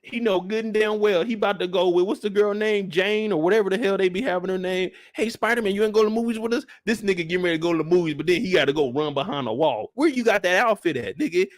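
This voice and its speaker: A man with a high-pitched voice tears into a comic rant, animated and exasperated, with frequent cursing. The sound is dry and close, with no room echo. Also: quick pace, hardly any pauses. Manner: animated, profane, exasperated storytelling. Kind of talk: comedic rant.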